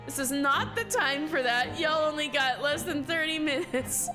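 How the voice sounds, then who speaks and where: A woman's voice: high voice, moderate pace, hardly any pauses. A young woman streaming a game live, giggly and playful, commenting as she plays over game music. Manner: giggly, playful, laughs often. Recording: game music playing behind.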